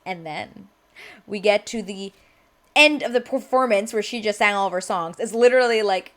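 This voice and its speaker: Woman, casual movie recap, chatty, excitable, mid pitch. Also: moderate pace. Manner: chatty and excitable, heavy use of "like" and quoted dialogue.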